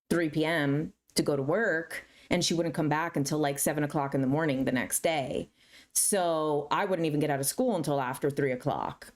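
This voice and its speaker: A woman in her thirties, a YouTuber telling stories casually to camera and acting out other people's lines. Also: low voice. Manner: animated, acts out her mom's voice mid-story.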